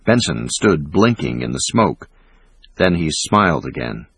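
Male audiobook narrator: slow, measured, dramatic, with a low husky voice and lively intonation. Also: no room sound. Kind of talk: scripted narration.

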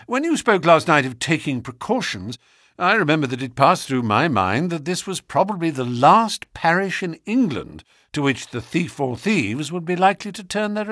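Man voicing a sharp, probing detective. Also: fairly high pitch, no room sound, clean studio sound, pitched above the performer's own voice, heavily acted. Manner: probing, thoughtful musing. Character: sharp, thoughtful male detective, keen and probing.

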